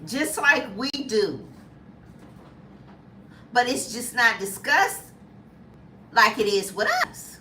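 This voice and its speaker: Animated woman in her fifties, roomy sound. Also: slow, long pauses, distant mic, a little hiss or hum. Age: 50s. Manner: animated, squeals high when acting out reactions. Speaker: lifestyle vlogger. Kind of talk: casual chat.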